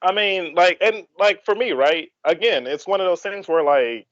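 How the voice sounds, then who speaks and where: A man who is a guest actor in a live interview, telling his story in an excitable, animated way and acting out his reactions, with sudden leaps up and drops down in his voice. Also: high-pitched, moderate pace, no echo, dull audio.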